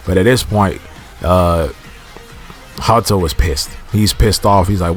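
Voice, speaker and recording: Guy talking low and loose about a show episode, lots of restarts, slangy, quiet music behind. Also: normal speed. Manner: rambling, slangy, restarts often. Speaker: TV episode reviewer. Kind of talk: casual recap commentary.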